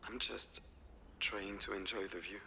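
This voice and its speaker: A man's voice: lowish voice, flat delivery, a little slow, creaky, a little hiss or hum, full character voice. A regretful, subdued middle-aged man. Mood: wistful. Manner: quiet and subdued, drops to a near whisper.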